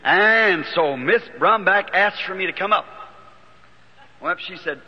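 A man's voice: high-pitched, normal speed, slightly rough. A man preaching a sermon, telling a story in a folksy way and acting out the people in it. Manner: folksy storytelling, voices quoted people, builds to excited shouting. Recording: dull lo-fi 1950s tape in a reverberant hall.

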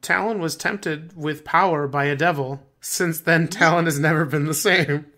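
A man's voice: on the high side, steady tone, normal speed, pushed and bright. A young man co-hosting a podcast, his voice nearly gone, laughing often and chatting casually. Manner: laughs often, reads aloud. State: losing his voice. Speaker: podcast co-host. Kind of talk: casual chat.

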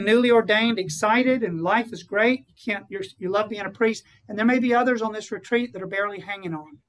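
A man's voice: sits high, fairly bright tone, low-quality recording. A man who is a priest, giving an earnest retreat conference to fellow priests and often putting rhetorical questions to them.

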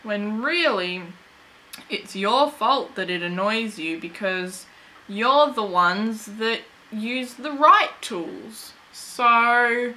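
A woman streamer gives a goofy running commentary on her game, unhurried and rambling. Her voice is bright and sits a little high, and she chats away to her viewers and the screen. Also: low-quality recording. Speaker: gaming channel host. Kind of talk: let's play commentary.

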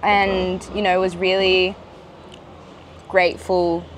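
A woman's voice: on the low side, flat delivery, takes it slowly, slight background noise. A young woman from Australia telling her story in a casual vlog while she eats, rambling with many fillers and restarts, sometimes talking with her mouth full. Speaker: vlogger. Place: outdoor eatery.

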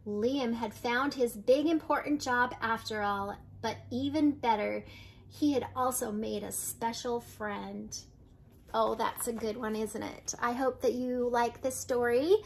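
An older woman, a grandmother, reading a children's picture book aloud in a gentle storytelling way, with light voices for the characters. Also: fairly high pitch, fairly even intonation, a little slow, slight background noise.

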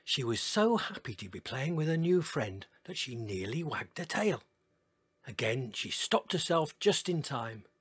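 A man reading a children's storybook aloud in a gentle, expressive way. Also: mid-range voice, measured pace, husky, no room sound. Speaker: narrator.

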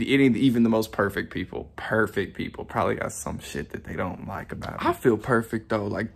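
A young man talking straight to camera in a rambling, profane, self-reflective vlog monologue, often laughing at himself. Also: medium pitch. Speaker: YouTuber. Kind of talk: casual motivational monologue.

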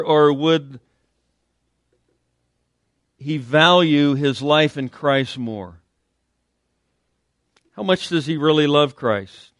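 A man's voice: a little high, a bit bright, no room sound, studio quality. A man preaching a conversational sermon as pastor, using frequent fillers and acting out quotes. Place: church sanctuary.

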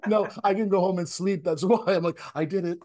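A friendly male host from Ireland with a fairly high voice chats easily over a video call, often breaking into laughter. His delivery is relaxed and conversational. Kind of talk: casual chat.

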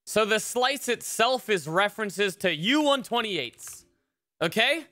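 Slow, bright-voiced woman streamer. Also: mid-range voice, expressive, no room sound. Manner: profane, thinks aloud with fillers. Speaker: live-coding streamer. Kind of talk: casual live-stream chat while programming.

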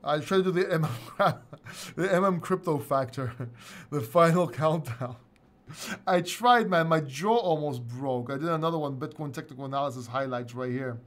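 A man's voice: a little high, moderate pace. A middle-aged man hosting a casual livestream chat, rambling, swearing and laughing often. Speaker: host.

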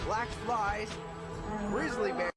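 Cartoon clip: grouchy camper, high and drawn-out, loud music behind. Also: male voice. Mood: disgusted. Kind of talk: cartoon voice acting.

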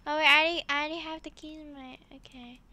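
A woman hosting casual gameplay commentary, excitable and full of exclamations as she talks to her viewers. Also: high-pitched, racing. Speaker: gaming channel host.

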